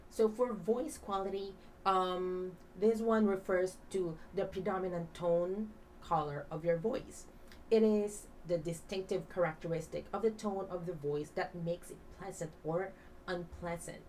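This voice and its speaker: A woman's voice: fairly low pitch, steady tone, unhurried, darkish tone, recorded from a distance, a little hiss or hum, low-quality recording. A woman teacher giving a demo lesson in English, explaining step by step with many fillers and having the class repeat after her. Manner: breathy half-whisper when demonstrating.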